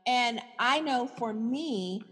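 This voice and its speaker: A woman's voice: fairly high pitch, animated, takes it slowly, fairly bright tone, breathy edge, long reverb tail. A woman hosting an interview, speaking casually and effusively, with frequent exclamations of amazement. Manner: effusive, exclamatory, lots of wows. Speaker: talk show host.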